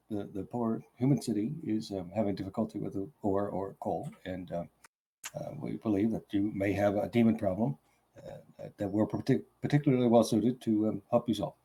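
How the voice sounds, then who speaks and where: A man's voice: on the low side, warm tone, husky. A man playing a polite, nervous male demon slayer who stammers through formal speech.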